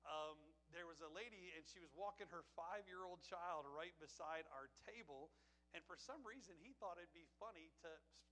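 Bright-voiced pastor preaching. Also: male voice, fairly high pitch, moderate pace, poor audio. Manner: folksy storytelling, emotional about family. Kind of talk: sermon.

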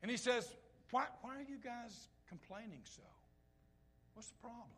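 A high-pitched man preaches. He talks to the congregation conversationally, then builds to loud, impassioned peaks before dropping back to near-hushed asides. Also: normal speed. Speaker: pastor. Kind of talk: sermon.

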